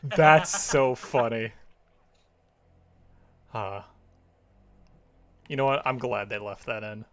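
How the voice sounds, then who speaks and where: A man hosting a gaming livestream, chatting casually in playful banter that jumps around in pitch. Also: slow, pauses often. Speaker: streamer host.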